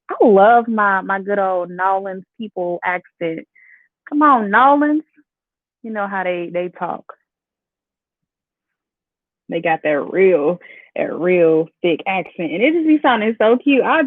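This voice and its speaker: A woman's voice: mid-range voice, dry recording. A woman from Chicago, chatting casually with her viewers as she walks through a live makeup tutorial. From Chicago, United States. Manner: chatty, talks straight to viewers as "y'all". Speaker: beauty vlogger. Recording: tinny phone-like sound, dry.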